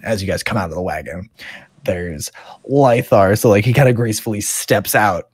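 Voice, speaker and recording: A man's voice: lowish voice, moderate pace, husky, no room sound, studio quality. A man as game master, narrating a tabletop game in a chatty way with lots of fillers. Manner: chatty, animated, many fillers.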